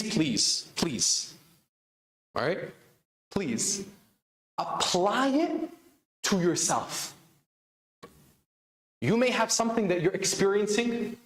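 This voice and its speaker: A man giving an interactive sermon at a religious celebration, calling on the audience with repeated questions. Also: high-pitched. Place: large hall of an Islamic center. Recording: echoey hall.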